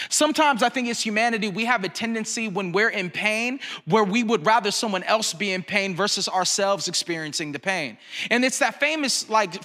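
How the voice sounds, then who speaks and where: High bright-voiced man preaching in a reverberant hall. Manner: candid, conversational storytelling to the congregation. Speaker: pastor. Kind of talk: sermon. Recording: long reverb of a large room.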